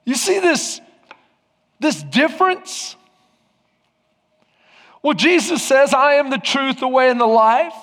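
High-voiced man preaching in a hall. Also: expressive, slow pace, pauses often, fairly bright tone. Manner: preaching with rhetorical questions to the congregation. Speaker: pastor. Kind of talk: sermon. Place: church sanctuary.

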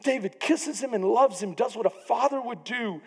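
A man preaching a sermon as pastor, animated, often acting out the people in his story. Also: extremely high pitch, normal speed, creaky, breathy edge. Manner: animated preaching, acts out quoted voices. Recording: long reverb of a church hall.

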